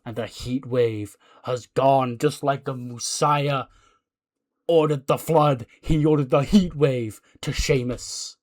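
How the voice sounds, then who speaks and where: A man voicing a male cult-leader wrestler who speaks in a drawn-out, sermon-like, menacing way. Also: medium pitch, steady tone, darkish tone, natural voice.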